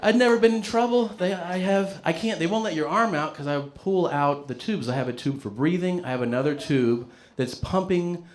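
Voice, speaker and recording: A man's voice: on the high side, normal speed, few pauses. A man telling a story in a stand-up comedy set, casual and profane, often laughing as he talks.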